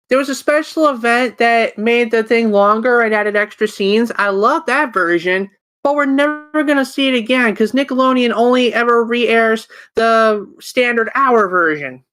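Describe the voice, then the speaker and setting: A man's voice: very high-pitched, measured pace, sharp tone, clean tone. A man co-hosting a podcast in a casual chat, swearing often and easily irritated. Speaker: podcast co-host.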